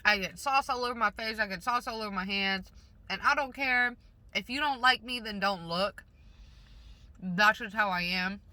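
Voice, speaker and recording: Woman vlogger, very bright sharp tone, rambles with her mouth full in a car. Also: mid-range voice, moderate pace, dry recording. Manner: talks with mouth full while eating; rambling, self-conscious, blunt. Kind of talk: casual rambling mukbang chat. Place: parked car.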